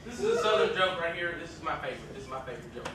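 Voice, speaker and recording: A man's voice: fairly high pitch, sing-song, racing, noisy background. A man joking playfully with the crowd during stage banter at a live poetry show. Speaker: slam poet performer. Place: indoor stage at a live venue. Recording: echoey hall from far off with crowd.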